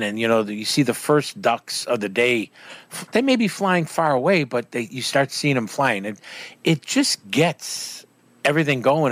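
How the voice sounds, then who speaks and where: Animated man hosting an outdoors radio show. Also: medium pitch, no room sound. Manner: animated storyteller, acts out quotes, laughs often. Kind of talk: casual radio interview.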